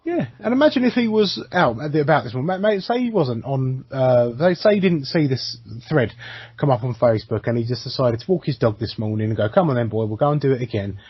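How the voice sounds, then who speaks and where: A man's voice: mid-range voice, lively intonation, fairly quick, slightly rough, no echo, highs cut off. A man co-hosting a podcast, talking bluntly and swearing, often restarting his sentences. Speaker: podcast co-host. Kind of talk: casual podcast chat.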